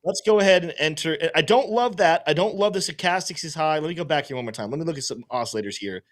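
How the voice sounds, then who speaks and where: Dude hosting a live stream, kinda high voice, rambles and thinks out loud. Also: male voice, fast. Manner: thinking aloud, rambling with restarts. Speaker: host and trader. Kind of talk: casual livestream chat.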